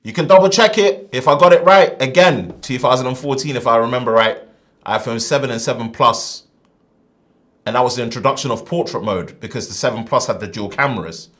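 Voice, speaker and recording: A man hosting a casual tech live stream, animated and slangy, swinging between loud bursts and quiet asides. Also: mid-range voice, a little fast.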